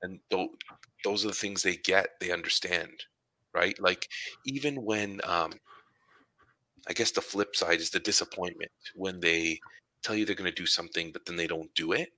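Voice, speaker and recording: A man's voice: low voice, normal speed, bright, forceful tone, dry recording, low-quality recording. A man who works as a supply teacher, chatting casually and acting out conversations with his students as he tells stories. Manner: storytelling, acts out dialogue with students.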